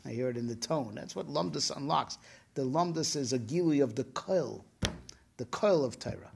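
A man's voice: mid-range voice, moderate pace, gravelly, darkish tone, slight background noise. A man teaching Torah in a casual discussion, often repeating himself and checking in with "right?".

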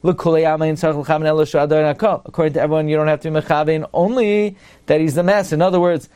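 A man's voice: fairly high pitch, fairly even intonation, rapid-fire, darkish tone, smooth. A man, a rabbi, giving an explanatory Torah study lecture, reading Hebrew passages aloud and translating them. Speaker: rabbi teaching a class.

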